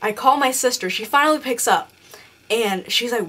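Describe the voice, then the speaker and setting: A woman's voice: a little high, fairly quick, husky. A young woman telling a ghost story in a casual vlog, rambling and swearing constantly. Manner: profane, rambling, animated storytelling. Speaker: beauty vlogger.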